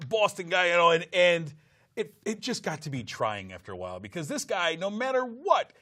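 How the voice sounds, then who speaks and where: Lively, laughing male movie reviewer. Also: high voice, normal speed. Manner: animated, laughs often, impersonates lines from films. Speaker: film review show co-host. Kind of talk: casual film review chat.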